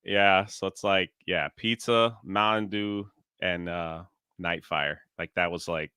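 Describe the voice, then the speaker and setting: A man co-hosting a casual livestream, chatting in an animated way and laughing often. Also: deep voice, unhurried, few pauses, smooth, no echo, studio quality. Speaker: co-host.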